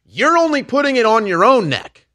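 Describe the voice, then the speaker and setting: A man's voice: very high voice, big pitch swings, moderate pace, pushed and bright, dry recording, studio quality. A man hosting a political commentary show, delivering a heated, ranting monologue straight to his audience. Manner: heated, ranting, addresses listeners as folks and man.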